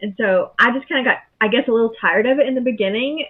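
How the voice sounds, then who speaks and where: Southern woman, husky voice over a thin line. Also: fairly high pitch, quick pace, few pauses. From Southern United States. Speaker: podcast guest. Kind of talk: casual interview chat. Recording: phone-like call audio.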